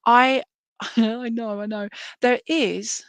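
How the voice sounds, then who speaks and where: A woman's voice: on the high side, fairly even intonation, slow pace, smooth, dry recording. A woman giving chatty, reassuring psychic readings on a live stream, full of fillers. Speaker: psychic reader.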